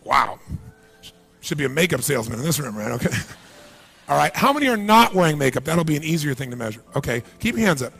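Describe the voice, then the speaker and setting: A man giving a live motivational seminar speech in a large event hall, animated and firing questions straight at the crowd. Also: a little high, fast, gravelly, breathy edge, faint music behind. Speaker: motivational speaker.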